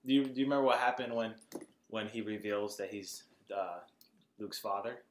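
A man's voice: fairly low pitch, moderate pace, echoey room, a little hiss or hum. A man co-hosting a podcast, chatting casually about a movie, filling his talk with "like" and laughing often. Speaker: podcast co-host. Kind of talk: casual movie review chat.

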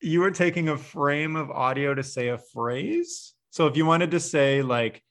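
A man hosting a podcast interview, chatty and excitable, reacting quickly to his guest. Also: a little high. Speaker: podcast host.

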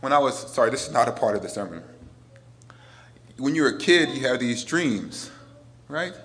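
A priest in his forties preaching a sermon, earnest, moving between emphatic lines and hushed ones. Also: mid-range voice, very animated, a little slow.

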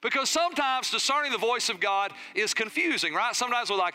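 A middle-aged pastor preaching with lively storytelling, his voice high for a man and very bright and ringing. He sounds crisp and clean, close and dry with no room around him, and he keeps turning to the congregation with questions. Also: brisk, hardly any pauses. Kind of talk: sermon.

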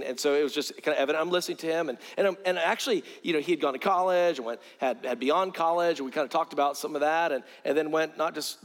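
Earnest evangelist man preaching in a hall. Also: on the high side. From South Carolina. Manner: earnest, repeats words as he builds a point. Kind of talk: sermon with storytelling. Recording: long hall reverb.

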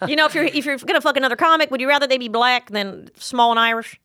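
A woman hosting a podcast in casual chat, blunt and teasing, swearing freely. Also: high voice. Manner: lively, quick talker with many fillers. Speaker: podcast host.

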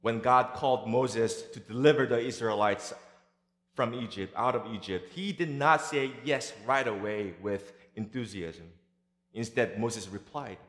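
A male pastor delivering a sermon at a measured, deliberate pace, with a touch of light humor. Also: mid-range voice, a bit bright. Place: large church sanctuary. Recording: echoey church hall with long reverb.

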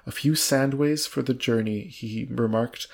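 Man, gravelly voice, reads aloud, trips on words, amused. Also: mid-range voice, measured pace. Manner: stumbling, amused, laughs at the text. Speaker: reader. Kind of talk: reading a book aloud with banter.

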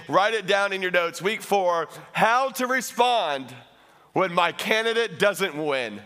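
High-voiced, bright preaching pastor. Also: male voice. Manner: energetic and playful, breaks into loud comic shouts; addresses the congregation directly. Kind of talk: sermon.

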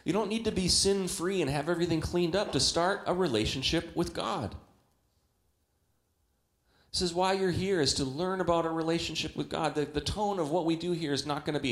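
A young adult man preaching a sermon in a church, talking conversationally with many rhetorical questions and animated quoted voices. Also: a little high, a little fast, roomy sound. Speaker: pastor. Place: church hall.

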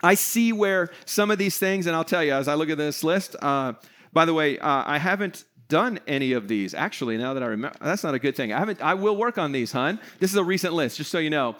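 Chatty middle-aged pastor, slightly higher voice. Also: male voice, animated, a little fast, fairly bright tone. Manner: chatty, self-deprecating, acts out little scenes. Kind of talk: sermon to an online audience.

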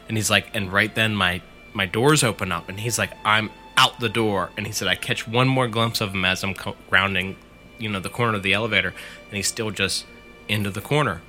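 A man's voice: on the low side, steady tone, fairly quick, sharp tone, faint music behind. A man casually retelling a friend's scary story in the first person, swearing freely as he goes.

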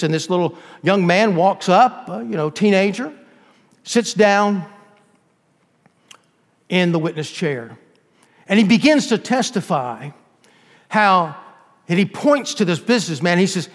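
A man's voice: on the high side, lively intonation, moderate pace. A man preaching a sermon as a dramatic story, acting out the people in it with rising intensity. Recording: long reverb of a large hall.

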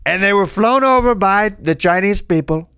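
A man's voice: high-pitched, animated, normal speed, sharp tone, smooth, no room sound, clean studio sound, pitched above the performer's own voice, full character voice. A man putting on a pompous, boastful politician who keeps repeating himself. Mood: blustering. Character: boastful blustering male politician.

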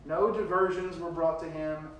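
A man preaching a sermon, reading scripture verses aloud and retelling them with big swings between loud and quiet. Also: a little high, fairly even intonation, normal speed, heavy reverb, far from the mic, slight background noise, rough recording.

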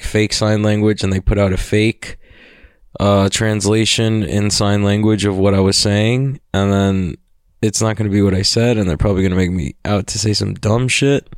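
A man's voice: lowish voice, darkish tone, clear, resonant tone, no echo, clean studio sound. A man hosting a podcast, talking in a loose, rambling, profane way and laughing often. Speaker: podcast host. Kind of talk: casual rambling monologue.

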